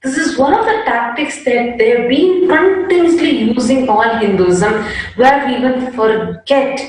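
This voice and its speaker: High-voiced woman, distant and echoey. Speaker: devotee panelist. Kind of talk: devotional panel discussion.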